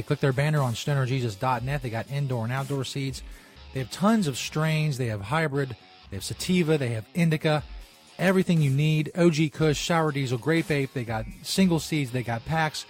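A male show host reading an upbeat, punchy sponsor ad. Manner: punchy, repetitive sales pitch. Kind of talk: upbeat ad read.

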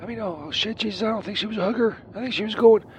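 A man's voice: high voice, racing, a little mellow. A man phoning in as a regular caller, rambling crudely and stammering with lots of fillers, calling from a vehicle. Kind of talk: rambling prank-style phone call.

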